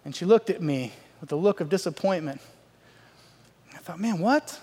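A high-voiced middle-aged man spins a comic story on stage, building to loud outbursts and then dropping to quiet asides. His voice carries a long reverb from a large hall. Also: moderate pace. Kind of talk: stand-up storytelling.

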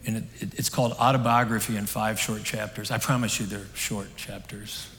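A man preaching a sermon on a stage, telling a story in an earnest, conversational way that swings between emphatic and hushed. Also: on the low side, level tone, brisk. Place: stage in a large hall. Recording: long hall reverb.

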